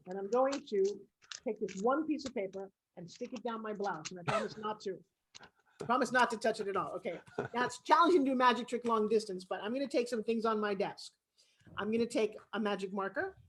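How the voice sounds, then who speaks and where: A middle-aged woman speaking as an interview guest, her voice pitched in a typical range for a woman. She tells her story with animated emphasis, pressing hard on key words. She is heard over a remote video call. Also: fairly quick, a little hiss or hum. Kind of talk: personal storytelling in a podcast interview.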